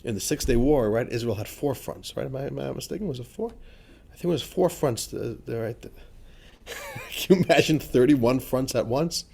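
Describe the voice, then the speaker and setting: In a husky, gravelly, darkish mid-range voice, a rabbi talks a little fast while explaining a religious text to a class. He is informal and talkative, leaning on fillers such as "you know" and "right?" and frequently asking rhetorical questions.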